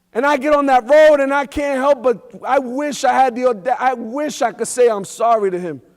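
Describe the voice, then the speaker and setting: High-voiced man giving an emphatic keynote. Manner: emphatic and repetitive, street slang. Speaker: keynote speaker. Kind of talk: motivational speech with storytelling. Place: large event hall. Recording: echoey hall reverb.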